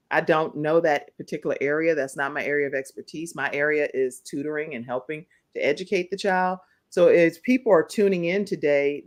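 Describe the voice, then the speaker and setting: Hosting a live talk show, this woman speaks in a low voice. Her manner is cheerful and supportive as she carefully walks listeners through the details at a slow pace.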